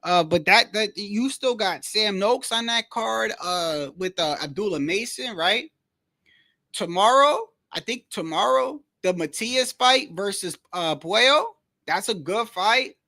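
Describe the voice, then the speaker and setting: A man hosting a casual livestream, rambling in a slangy, animated way and repeating himself as he tells stories. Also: high-pitched, measured pace, no echo, studio quality. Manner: slangy, rambling, keeps saying "bro". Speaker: livestream host. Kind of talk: casual livestream boxing chat.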